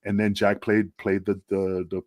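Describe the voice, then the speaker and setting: A middle-aged man and former pro wrestler, guesting on a podcast and telling rambling, profane stories, loudly acting out the voices of the people he quotes. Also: lowish voice, level tone, normal speed, no echo. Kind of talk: casual storytelling on a podcast.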